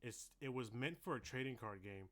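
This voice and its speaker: A man co-hosting a podcast in casual chat, animated and profane, often acting out quotes loudly. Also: mid-range voice, a little fast. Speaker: podcast co-host.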